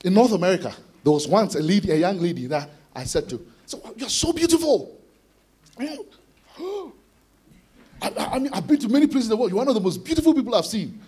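A man preaching an expository sermon to students, animated, acting out voices with sudden shouted bursts. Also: high voice, racing, husky. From Ghana. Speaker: conference speaker preaching to students.

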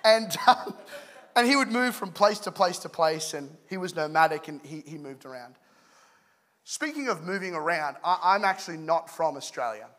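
Bright, high-voiced joking male pastor. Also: moderate pace. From England. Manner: joking, animated storyteller. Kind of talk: humorous sermon.

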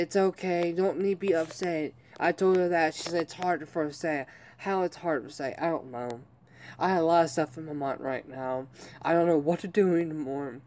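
A man's voice: on the high side, slight background noise. Upset man venting and swearing. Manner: upset, rambling, heavy swearing. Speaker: vlogger. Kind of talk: venting vlog to viewers.

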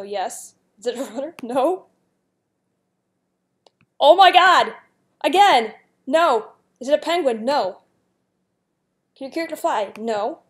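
Young woman, giggly, chatty, slightly high-pitched, casual game commentary. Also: darkish tone. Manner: giggly, chatty, reads questions aloud. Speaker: YouTuber playing a guessing game.

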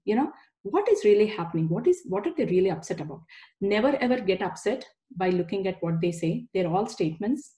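A woman's voice: mid-range voice, lively intonation, fast, warm tone. A woman in her forties giving a chatty, anecdote-filled parenting talk, with frequent laughs. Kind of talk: casual presentation talk.

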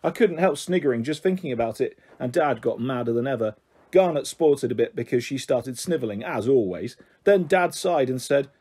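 A man reading a children's novel aloud in a lively, expressive storytelling manner. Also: mid-range voice, fairly quick, breathy edge. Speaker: audiobook reader.

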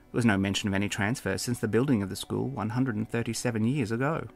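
A man's voice: on the low side, vocal fry. A man, the author, narrating a fantasy novel in a dry, wry storytelling manner. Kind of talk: audiobook narration.

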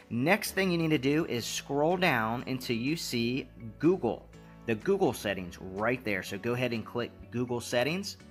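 A man's voice: mid-range voice, fairly bright tone. A man hosting a tech tutorial, giving easygoing, repetitive step-by-step instructions with casual fillers.

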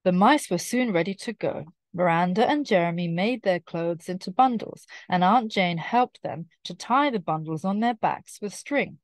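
A woman reading a children's storybook aloud in a clear, careful way, repeating key phrases slowly. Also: on the low side, animated, no room sound, clean studio sound. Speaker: storybook reader.

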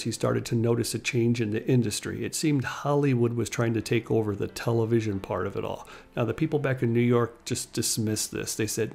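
Gravelly-voiced man telling a story. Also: medium pitch, fairly even intonation, fairly quick, hardly any pauses, darkish tone. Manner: conversational, retells anecdotes with small laughs. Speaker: channel host and narrator. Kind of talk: casual storytelling narration.

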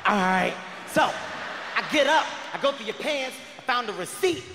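A man doing stand-up comedy on stage, telling a story loudly and shouting the punchlines. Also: extremely high pitch, expressive, normal speed, noisy background. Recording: echoey live hall recording.

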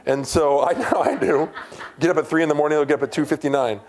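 A middle-aged man, a pastor giving a conversational sermon with loud, emphatic rises in his voice. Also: a little high, fast talker, a little hiss or hum.

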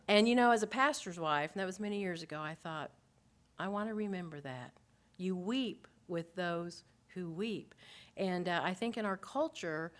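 A pastor's wife giving a Bible lesson to a group of women. She speaks earnestly and expressively, moving between emphatic and soft passages and asking her listeners many rhetorical questions. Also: fairly high pitch. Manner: expressive, swings between emphatic and softly spoken.

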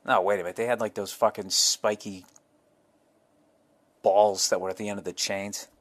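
A man's voice: fairly low pitch, little pitch movement. A man hosting his own podcast in a casual solo monologue, rambling through tangents and swearing constantly. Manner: rambling, heavily profane, jumps between tangents; acts out crowd members and himself in quick voices. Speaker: podcast host.

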